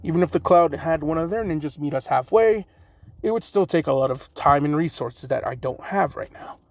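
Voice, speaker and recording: A man's voice: on the high side, animated, brisk, darkish tone, no echo. A man voicing an exasperated old village leader who explains himself wearily. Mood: weary. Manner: exasperated, cursing.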